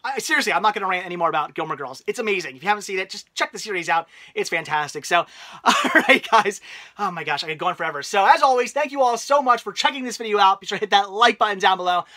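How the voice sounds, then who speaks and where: An excitable man hosts a casual home vlog, gushing freely and leaning on filler words. His voice is bright and forceful. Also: high voice, fast. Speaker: channel host.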